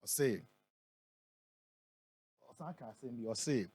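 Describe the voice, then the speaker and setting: A Ghanaian man who is a prophet, speaking in a radio interview and reading scripture aloud, slowing down and building on the key words. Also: medium pitch, lively intonation, darkish tone, husky. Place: radio studio.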